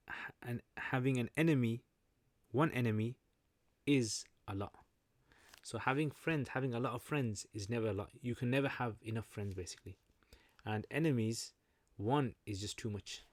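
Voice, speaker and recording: Answering chat on a casual livestream, a man from Britain speaks British English in a medium-pitched voice on a dry recording. He's chatty and jokey, explaining Arabic terms while working through viewer comments.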